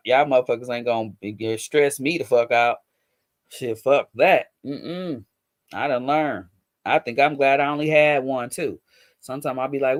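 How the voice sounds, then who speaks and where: A woman's voice: lowish voice, no echo, studio quality. A middle-aged woman chatting casually on a livestream, telling stories about raising her son in a blunt, profane, laughing way. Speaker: livestream host.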